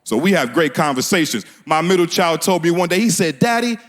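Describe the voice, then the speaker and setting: A man's voice: a little high, fairly quick, soft background music. A man from doing a stand-up comedy set on a small theater stage, laughing at his own jokes and talking in loose street slang.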